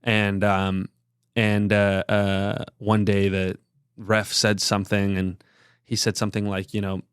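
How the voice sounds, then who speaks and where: Man, thirties, low voice, dry close sound, earnest rambling storyteller, podcast guest. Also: completely flat delivery, measured pace, clean tone, no echo. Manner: earnest, rambling, heavy use of filler words. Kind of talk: candid conversational storytelling.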